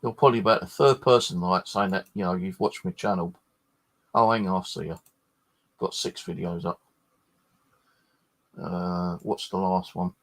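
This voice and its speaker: Tired bloke, low-pitched, rambling casual chat full of swearing and restarts. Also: male voice, moderate pace, long pauses. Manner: swears freely, meandering with many restarts. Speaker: ghost hunter chatting with livestream viewers.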